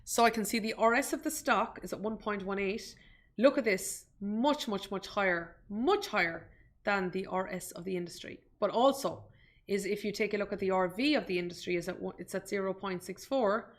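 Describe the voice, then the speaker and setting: A woman's voice: mid-range voice, normal speed. Irish woman, live investing tutorial host, chatty and self-deprecating, talks straight to the viewers. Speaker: investment webinar presenter. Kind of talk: live screen-share stock tutorial.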